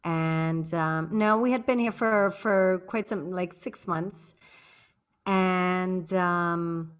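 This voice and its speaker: A woman's voice: on the low side, fairly even intonation, extremely slow, clear, resonant tone. A woman co-hosting a podcast, chatting and telling a story of her own in a casual, laughing way. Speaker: podcast co-host.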